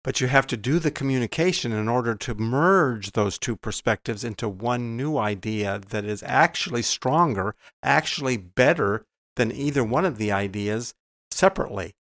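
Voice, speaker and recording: Measured male guest, dry close sound. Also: medium pitch, lively intonation, fairly bright tone, no room sound. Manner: measured, advice-giving. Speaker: podcast guest, married co-author. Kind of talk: podcast conversation.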